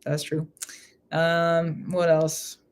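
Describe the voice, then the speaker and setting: Woman, somewhat low voice, spiritual reader, casual live session, frequent laughter, repeats herself. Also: completely flat delivery, drawn-out words, clear, resonant tone. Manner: laughs often, repeats phrases. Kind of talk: live reading, casual chat.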